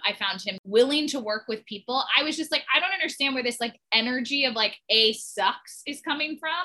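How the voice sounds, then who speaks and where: A woman's voice: fairly high pitch, rough recording. A young adult woman co-hosting a podcast, chatting casually and acting out her own reactions. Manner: animated, acts out reactions in quoted asides. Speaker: podcast co-host. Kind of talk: casual chat.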